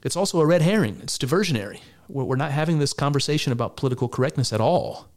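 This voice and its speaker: A man's voice: medium pitch, expressive, fast talker. Exasperated, profane male commentator. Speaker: political commentator. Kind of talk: reaction commentary on a debate.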